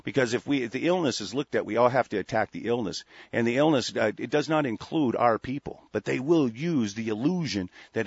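A man's voice: medium pitch, animated, a little fast, hardly any pauses, slightly rough, no echo, lo-fi sound. A male radio show host delivering a profane, combative monologue. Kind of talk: heated monologue on internet radio.

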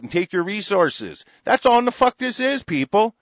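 A man's voice: high voice, very animated, moderate pace, hardly any pauses, no echo, dull audio. A middle-aged man ranting angrily about politics, swearing constantly and stumbling over restarts. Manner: angry, profane, stammering restarts. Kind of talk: profane political rant.

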